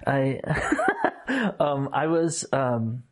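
Middle-aged man, husky voice, earnest, halting, reflective storytelling, interview guest. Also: medium pitch, wildly swooping pitch. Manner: earnest, halting with many restarts and fillers. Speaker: former minister, interview guest.

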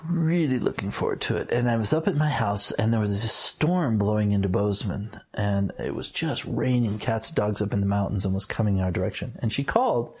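A man tells a personal story in a relaxed conversation, laughing often and getting animated when he quotes people. His voice is husky, and his pitch moves up and down a lot. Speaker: guest. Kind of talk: casual storytelling.

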